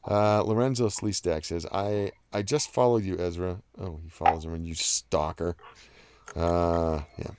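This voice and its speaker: A man's voice: low voice, fairly even intonation, a little slow, a little mellow, clear, resonant tone. A man hosting a live stream, reading viewer comments aloud and chatting about them in a rambling way, with lots of fillers and restarts. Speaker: host reading live chat. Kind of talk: casual live-stream chat.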